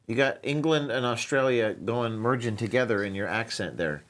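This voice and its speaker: Brisk male call-in show host. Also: mid-range voice, a bit bright. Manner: brisk, takes calls and asks short questions. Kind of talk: live call-in show hosting.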